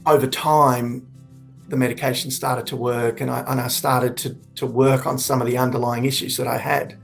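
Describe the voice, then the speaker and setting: Man, 40s, suicide prevention speaker; earnest, reflective, slightly gravelly, mid-pitched. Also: level tone, soft background music. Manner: reflective, earnest, halting with restarts. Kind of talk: candid personal testimony.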